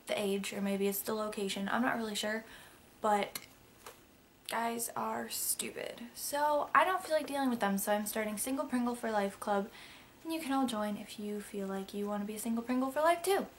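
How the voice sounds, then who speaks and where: Chatty young woman, slightly high voice. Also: expressive, normal speed, slight background noise. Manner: chatty and rambling, many fillers and asides. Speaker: vlogger. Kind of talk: casual facts-about-me vlog.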